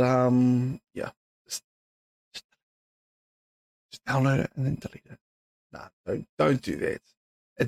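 Tired gravelly New man. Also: medium pitch. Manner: rambling, swears freely, many fillers. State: tired, yawning late at night. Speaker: podcast host. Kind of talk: casual solo podcast chat.

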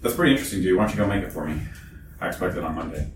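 A man's voice: sits low, very fast. A man in a casual technical chat who thinks aloud and restarts his sentences mid-thought. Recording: echoey room, distant mic, background noise.

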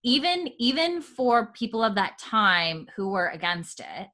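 A woman's voice: fairly high pitch, very animated, a little slow, bright, forceful tone. A woman hosting a casual podcast chat, retelling scenes with quoted lines, many fillers and frequent laughs. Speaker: podcast host recapping a TV episode.

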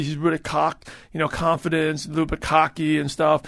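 Guy in his 30s rambling on his podcast, kinda high voice, super dry close sound, lots of um and restarts. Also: steady tone, moderate pace, dry recording. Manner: chatty, rambling, with many restarts and fillers. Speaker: podcast host. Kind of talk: casual solo podcast talk.

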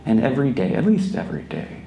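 A man's voice: medium pitch, wildly swooping pitch, fast, vocal fry, highs cut off, background noise. A man, a meditation teacher giving a casual, storytelling dharma talk at a retreat. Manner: casual storytelling, gentle and laughing. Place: retreat hall, indoors. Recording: echoey retreat room.

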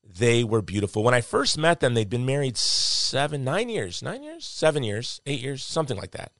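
A man's voice: medium pitch, sing-song, normal speed, fairly bright tone, dry recording, clean studio sound. A man telling a personal story in conversation, in an earnest, reflective way with heartfelt emphasis. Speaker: guest.

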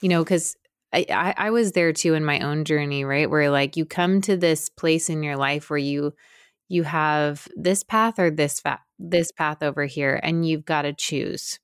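Low smooth-voiced woman host. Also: a little slow, no echo, clean studio sound. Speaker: podcast host. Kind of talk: interview questions.

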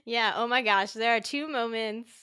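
A woman co-hosts a casual chat, talking in a lively way and breaking into laughter often. She acts out characters' lines as she goes. Her voice is recorded close and dry, with no room sound. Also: fairly high pitch, moderate pace, clean tone, dry recording. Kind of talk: casual chat about an anime.

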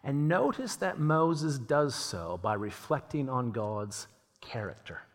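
A man preaching a sermon in a lively, conversational way, acting out the voices he quotes. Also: medium pitch, slow pace. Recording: long hall reverb.

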